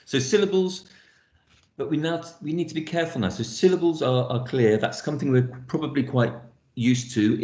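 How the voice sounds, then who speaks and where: A lower-voiced man gives an online phonics lesson. He explains things step by step and pauses often on fillers. The room around him sounds noticeably echoey. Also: darkish tone, highs cut off. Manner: explanatory, thinks aloud with fillers. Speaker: lecturer. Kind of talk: online teaching session.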